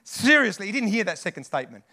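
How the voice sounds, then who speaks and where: Bright, high-voiced male preacher. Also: fast. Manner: animated, conversational preaching with asides to the congregation. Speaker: pastor. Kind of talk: sermon.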